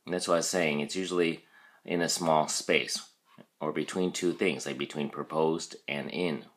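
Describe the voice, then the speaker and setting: A man teaching a recorded vocabulary lesson, explaining patiently, checking in with "okay" and modeling syllable stress slowly. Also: extremely low pitch, fairly even intonation, fairly bright tone.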